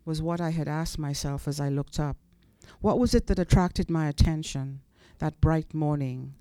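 Man, fairly high and warm voice, reading literary prose at a club, deliberate pauses. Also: clean tone, dry recording. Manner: measured and deliberate, with pointed pauses. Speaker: reader at a literary event. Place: club venue.

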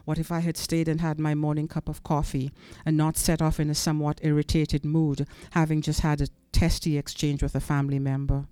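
A man at a club venue reading literary prose aloud, measured and deliberate, with pointed pauses. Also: a little high, completely flat delivery, mellow, clean tone, no room sound. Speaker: reader at a literary event.

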